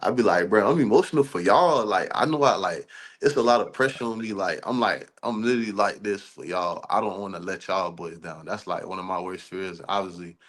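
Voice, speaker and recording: A man's voice: low voice, brisk, a bit bright. A young man, a college football player, answering interview questions in a loose, earnest, conversational way. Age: young adult.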